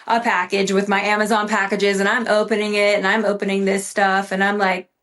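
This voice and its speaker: A woman guest on a podcast, telling a story in a casual, animated way and swearing freely. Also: medium pitch, fairly quick.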